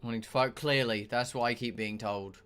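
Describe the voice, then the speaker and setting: A man's voice: medium pitch, fairly even intonation, moderate pace, a bit bright, clear, resonant tone. A young man, chatting casually and ranting with exasperation while he streams a game. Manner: ranting, exasperated, swears a lot. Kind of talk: casual chat while gaming.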